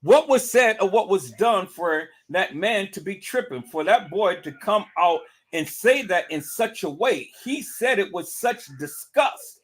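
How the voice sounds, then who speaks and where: Guy doing a livestream breakdown, high voice, swoops up and down a lot, keeps hammering the same questions. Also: animated, a little slow, few pauses, fairly bright tone. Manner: emphatic, repetitive, rhetorical questions. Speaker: livestream commentator. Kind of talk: casual livestream commentary.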